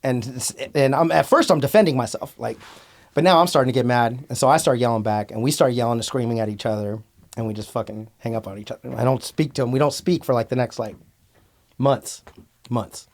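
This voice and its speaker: Bay Area man, podcast guest, blunt storyteller who swears a lot and fills pauses with "um". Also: medium pitch. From Antioch, California. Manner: outspoken, blunt, swears freely, many fillers. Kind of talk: casual storytelling interview.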